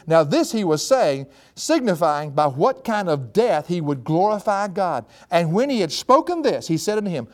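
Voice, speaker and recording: A man preaching a sermon, folksy and animated, climbing to high excited peaks.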